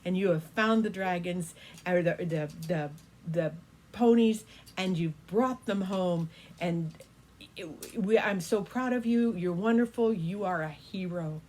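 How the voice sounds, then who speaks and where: A majestic male golden dragon with two heads, as a grandmother puts him on, speaking in a solemn, ceremonial way and full of praise. The voice sits rather low for a woman and swells louder and brighter than her usual storytelling. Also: unhurried. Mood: proud, praising.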